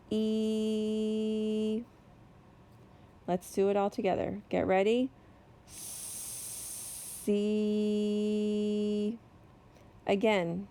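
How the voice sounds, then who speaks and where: A woman teacher giving a slow, deliberate phonics lesson to young children, stretching out each sound. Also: medium pitch, vocal fry, dark tone, slight background noise. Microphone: recorded voice-over for a whiteboard lesson video.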